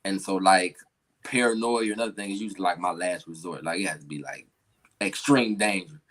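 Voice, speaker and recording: A man's voice: low voice, fairly quick, a bit bright. A man co-hosting a casual talk show, speaking in a laid-back, nonchalant way. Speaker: co-host. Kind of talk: casual podcast chat.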